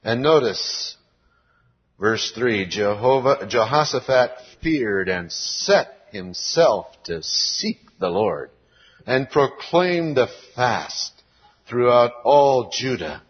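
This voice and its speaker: American man, sermon, slow earnest preaching, husky voice, lo-fi hall recording. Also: mid-range voice, animated. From United States. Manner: slow, earnest preaching, reading scripture aloud. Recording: dull lo-fi recording with long hall reverb.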